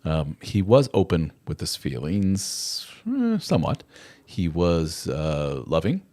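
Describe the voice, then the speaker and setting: A middle-aged man with a very low, deep voice hosts a live chat. He rambles conversationally and drifts easily into acted-out quotes. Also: huge pitch swings, slow, warm tone. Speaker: host. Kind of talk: live chat advice talk.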